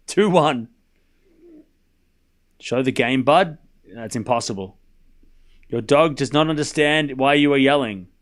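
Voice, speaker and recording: A man calling a tennis match live for his stream viewers, giving quick play-by-play and chatting with viewers and his pet dog between points. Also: medium pitch.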